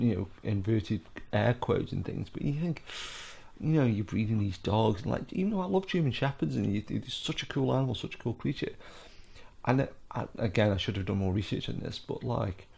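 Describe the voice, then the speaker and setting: Brief: British man, middle-aged, gravelly, rambling casual film commentary. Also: fairly low pitch, very animated, moderate pace, a little mellow. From United Kingdom. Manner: rambling, full of fillers and asides.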